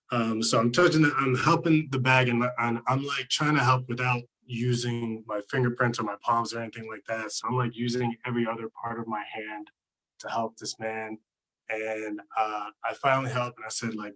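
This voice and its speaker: A man's voice: mid-range voice, level tone, normal speed, a bit bright, rough recording. Rambling stand-up guy on a video stream. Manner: rambling, filler-heavy, lots of "like" and "um". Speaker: stand-up comedian. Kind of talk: stand-up set over a live stream.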